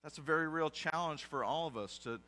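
A man's voice: a little high, a little fast, pushed and bright, soft background music. A man, a pastor with young kids, preaching a conversational sermon with self-deprecating asides.

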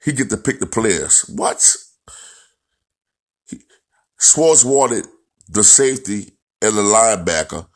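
A man goes off on a sports rant in a lowish voice. He is blunt and profane and keeps repeating his points as he hammers them home. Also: sing-song, takes it slowly, long pauses. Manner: blunt, profane, repetitive, ranting. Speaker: football commentator.

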